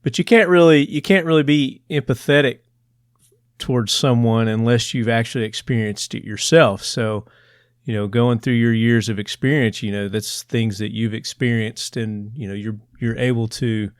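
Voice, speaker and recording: A man with a Southern accent hosts in a loose, chatty way, at a mid pitch. His voice sits close and dry, with no room behind it. He talks in quick asides and trailing thoughts. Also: clear, resonant tone, no echo. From Tennessee. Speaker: podcast host. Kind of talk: casual interview talk.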